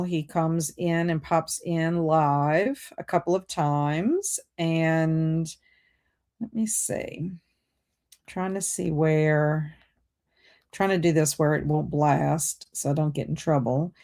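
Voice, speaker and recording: Woman, livestream host, unhurried, lowish voice, chatty. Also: fairly even intonation, a little mellow. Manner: chatty and friendly, distracted while multitasking. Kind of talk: casual livestream chat, reading out viewer comments.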